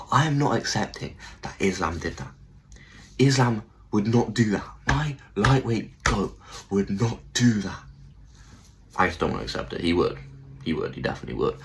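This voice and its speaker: A man hosting a casual commentary rant about fighters. He is excitable, swears a lot and repeats himself. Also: lowish voice, measured pace, pauses often, a little hiss or hum, rough recording. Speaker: MMA commentary channel host.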